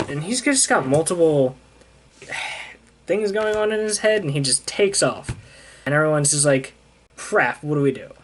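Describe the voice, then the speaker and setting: A man's voice: fairly high pitch, animated, moderate pace, pauses often, a little hiss or hum. Casual young man recapping comics. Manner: casual, retells scenes with "he's like" paraphrases. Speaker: comic book reviewer.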